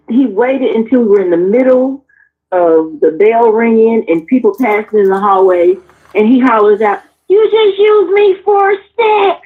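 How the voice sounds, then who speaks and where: Blunt woman telling stories over a tinny line. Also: mid-range voice. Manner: blunt, animated, swears freely, acts out the people in her stories. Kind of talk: candid personal storytelling. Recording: tinny phone-like sound.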